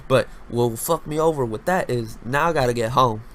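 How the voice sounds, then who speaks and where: A young man rants through a casual solo podcast in a mid-pitched voice, loud and full of slang and swearing. His pitch jumps into high yelps, then drops to low mutters. A faint hiss of noise sits under the recording. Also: fairly quick. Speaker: podcast host.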